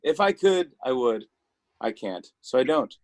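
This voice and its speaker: A man's voice: medium pitch, big pitch swings, unhurried, darkish tone, dry recording. A man hosting a talk show interview, gushing with enthusiasm and often restarting his sentences.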